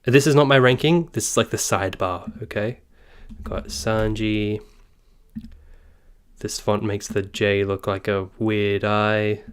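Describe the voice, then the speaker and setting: A man's voice: fairly low pitch, steady tone, slow pace, clean tone. A man hosting a casual live stream who rambles, apologizes often, jokes and keeps interrupting himself.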